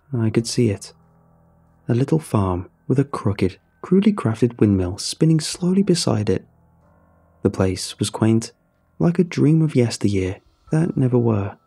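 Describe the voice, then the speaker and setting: Gravelly man narrating a horror story. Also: on the low side, a little slow. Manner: dramatic, lively storytelling.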